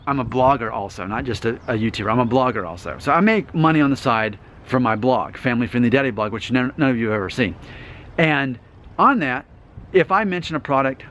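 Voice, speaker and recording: A man's voice: medium pitch, fairly bright tone, slight background noise. Chatty self-assured man in his thirties. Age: 30s. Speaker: vlogger. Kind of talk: casual talking-head vlog.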